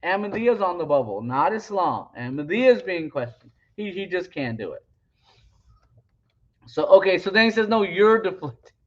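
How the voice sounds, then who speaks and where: A man's voice: sits high, big pitch swings, muffled recording. A man giving heated, rambling commentary, arguing his point and stumbling through fillers and restarts. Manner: argumentative, halting with many fillers and restarts. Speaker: online religious commentator.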